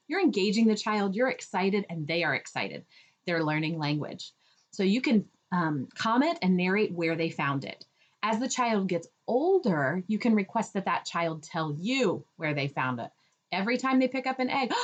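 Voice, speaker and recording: A woman in a middle pitch speaks as a speech therapist, coaching parents in a plain, easy way. She leans on fillers and tag questions and sometimes acts out a high, drawn-out voice like one you'd use with a toddler. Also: big pitch swings, highs cut off. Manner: demonstrates child-directed talk with raised pitch and drawn-out words; uses fillers and frequent "right?". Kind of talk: instructional talk to parents.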